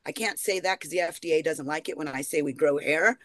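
A woman's voice: low voice, brisk, fairly bright tone, no echo. An American woman guest in a casual podcast chat, playful and frank, laughing easily. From United States.

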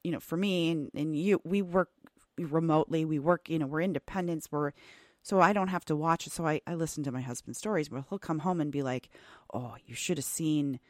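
A woman's voice: deep voice, a little fast, no room sound, studio quality. A woman hosting a podcast interview, talking casually and rambling through stories with lots of fillers and restarts. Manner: animated storytelling about family. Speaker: podcast host.

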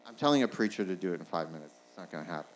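A male pastor preaching a sermon, rising to shouts at the peaks and asking the congregation "Amen?" along the way. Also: low-pitched, lively intonation, rapid-fire, soft background music, rough recording.

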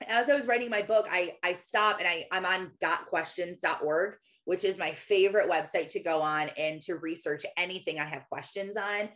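A woman's voice: on the low side, normal speed, hardly any pauses, a bit bright. A woman in her thirties giving a casual, earnest faith talk, chatty and laughing often as she acts out quotes. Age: 30s. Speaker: Christian podcaster and author.

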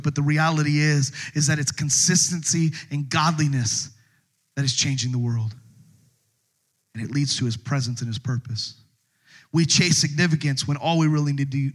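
A middle-aged male pastor delivering a sermon with a fairly high-pitched voice. He preaches in an animated way, dropping low and quiet, then jumping up into shouted lines as he acts out different voices.

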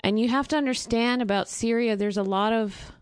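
A woman who is a guest in a casual interview, explaining earnestly and filling pauses with fillers. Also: a little high, clean tone, dry recording, studio quality.

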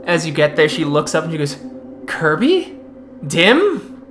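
A woman's voice: low-pitched, level tone, quick pace, a little hiss or hum. A woman narrating as storyteller of a tabletop game, describing scenes in the second person, over background music.

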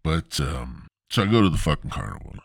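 A man's voice: rumbling low, very animated, a little fast, gravelly, slightly rough, dry recording, clean studio sound. A man hosting a podcast, telling rambling, crude, self-mocking stories into a podcast mic. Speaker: podcast host. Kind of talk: crude comic storytelling.

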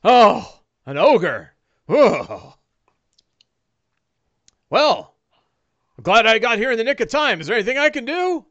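A man's voice: extremely high pitch, big pitch swings, a little slow, long pauses, a bit bright, highs cut off, voice pushed up, exaggerated voice. A man voicing a jittery, talkative male companion who rambles nervously and dodges questions. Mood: eager. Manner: nervous, rambling chatter with a raised voice. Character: jittery talkative adult man, eager and evasive.

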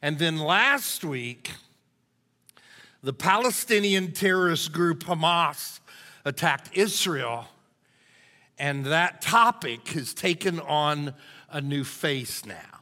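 Folksy, bright-voiced man preaching. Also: on the high side, expressive, slow pace. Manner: folksy, conversational, storytelling. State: hoarse. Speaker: lead pastor. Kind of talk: sermon. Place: church sanctuary. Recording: long reverb of a church hall.

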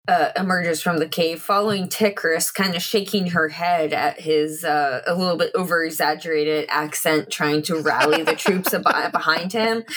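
A woman describing her character in a tabletop game in a relaxed, amused way. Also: low-pitched. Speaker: player.

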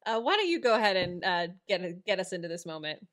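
A young woman co-hosting a podcast, recapping a TV episode in a relaxed, hesitant way with many fillers. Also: lowish voice, fast. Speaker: podcast co-host. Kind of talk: casual chat recapping a TV episode.

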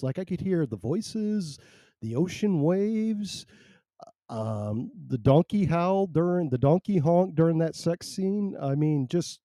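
A man's voice: a little high, mellow, no room sound, studio quality. A middle-aged man hosting his own podcast in loose, rambling, self-amused casual chat. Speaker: podcast host. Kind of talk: casual solo podcast chat, reading listener chat.

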